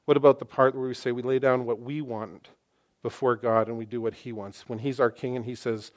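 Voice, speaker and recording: Man, 60s, pastor mid-sermon; dynamic delivery, repeats lines for emphasis, loud-to-soft swings. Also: mid-range voice, fairly even intonation, a little fast. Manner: emphatic, swings from loud exclamations to hushed asides.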